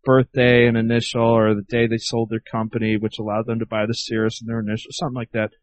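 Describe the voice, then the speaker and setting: A man's voice: mid-range voice, monotone, fast, dry recording. A man co-hosting an aviation podcast, chatting in an easygoing way and laughing along. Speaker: podcast co-host, pilot. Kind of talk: casual aviation podcast chat.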